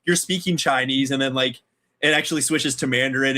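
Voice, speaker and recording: A man's voice: mid-range voice, steady tone, brisk, noisy background. A man co-hosting a live-stream podcast, joking casually and giving blunt, profane advice. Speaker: podcast co-host.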